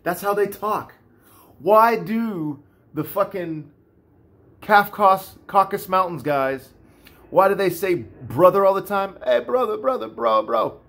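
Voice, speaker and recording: Animated, cursing man ranting. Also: sits high, slow pace. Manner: animated, profane, repetitive. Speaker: vlogger. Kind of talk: casual rant.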